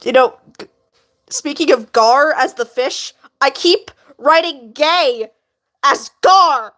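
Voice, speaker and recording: A woman chatting casually on a livestream, animated and quick to laugh, with a laugh that sounds like crying. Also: high voice, soft background music. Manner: animated, laughs a lot, bursts into shouting. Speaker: livestream host.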